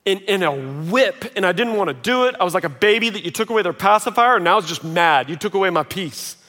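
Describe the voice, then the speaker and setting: High-voiced man preaching in a big hall. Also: quick pace. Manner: conversational, self-mocking, animated quoting. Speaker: pastor. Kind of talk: sermon. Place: large auditorium. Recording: long reverb of a large hall.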